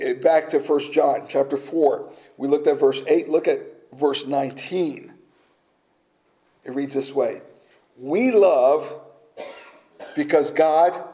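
Man, preacher, sermon, slow delivery, mellow tone, slightly high voice, dramatic hushed drops. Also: low-quality recording.

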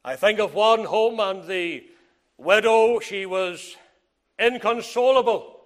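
A man with a high voice preaching a sermon. He moves between loud, emphatic declarations and soft, hushed lines, repeating key phrases in an old-fashioned scriptural manner. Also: takes it slowly.

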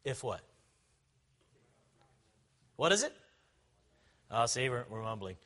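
A man, a pastor, preaching an impassioned sermon that swings from loud shouting to quiet, conversational asides. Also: mid-range voice, very animated, slow pace.

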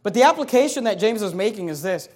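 Man, pastor, high-pitched, sermon, impassioned, repetitive cadence. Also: animated, fast. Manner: impassioned, rising to loud emphatic peaks.

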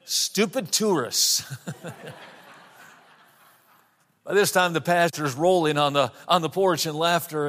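High-voiced man telling a sermon story. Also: fairly bright tone. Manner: storytelling, slows down for emphasis on scripture. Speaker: pastor.

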